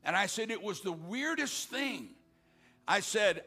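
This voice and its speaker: An older male pastor preaching a sermon, swinging between loud exhortation and hushed storytelling. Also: high-pitched, expressive, unhurried.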